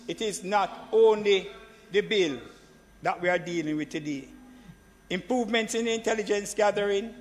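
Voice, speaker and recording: A man speaks in a notably high register, pressing his points in a parliamentary debate. He repeats his phrases for emphasis and keeps turning back to the chair. His voice carries a long reverb from the senate chamber. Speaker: government senator.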